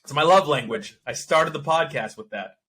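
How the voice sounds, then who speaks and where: A man's voice: a little high, normal speed. A man co-hosting a podcast, telling funny stories in casual chat and laughing often. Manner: joking, animated storyteller who laughs often. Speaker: podcast co-host.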